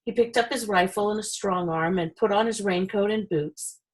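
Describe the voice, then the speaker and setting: A woman reading a children's chapter book aloud in a steady, expressive way. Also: medium pitch, normal speed, poor audio. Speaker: reader. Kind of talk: storybook reading.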